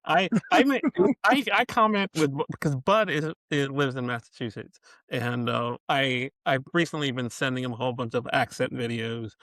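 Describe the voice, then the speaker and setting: A man hosting a podcast interview, chatting casually with halting phrasing and frequent laughs. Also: medium pitch, expressive, fairly bright tone, no room sound. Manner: halting, laughs often, many fillers. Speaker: podcast host.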